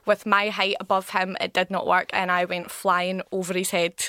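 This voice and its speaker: A woman with a Scottish accent telling a dating story in casual chat, animated and often laughing. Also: on the low side, moderate pace, no room sound, studio quality.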